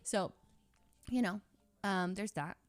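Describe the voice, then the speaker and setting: A woman's voice: medium pitch, slow, no echo. Rambling young woman streamer telling a story. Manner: rambling, heavy use of "like" and restarts, frequent laughter. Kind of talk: casual storytelling to a live stream chat.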